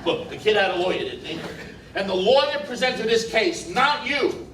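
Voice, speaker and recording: A man's voice: high voice, lively intonation, moderate pace. An actor playing a brash, sneering male juror in a 1950s film drama. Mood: scornful. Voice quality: blunt, sneering. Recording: roomy film soundtrack, distant, faint hiss.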